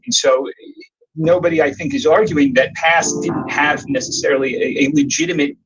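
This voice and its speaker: A man commenting in a measured, analytical way, hedging his points as he weighs them. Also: on the high side, steady tone, lo-fi sound, noisy background.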